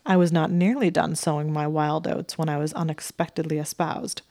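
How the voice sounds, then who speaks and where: A woman's voice: sits low, fairly even intonation, normal speed, gravelly, a little mellow, no room sound, clean studio sound. A woman voicing a smug, leering young wizard man who drawls his lines blandly.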